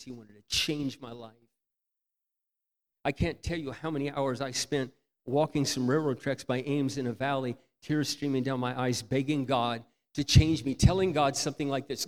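A man preaching a candid, self-mocking storytelling sermon, swinging from loud outbursts to near-whispers. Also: mid-range voice, steady tone, moderate pace. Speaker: pastor.

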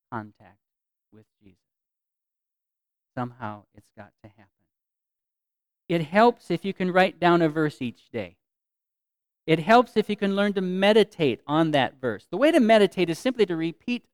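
A man preaching a sermon as pastor, earnest, repeating phrases for emphasis and swinging from loud to soft. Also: a little high, clear, resonant tone, no echo.

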